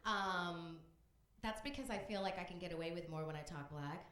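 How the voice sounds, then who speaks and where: Bright-voiced woman doing stand-up. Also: on the low side, fairly quick. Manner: conversational, banters with the crowd. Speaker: stand-up comedian. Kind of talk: stand-up comedy set. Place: comedy club stage, live audience. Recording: echoey live club room.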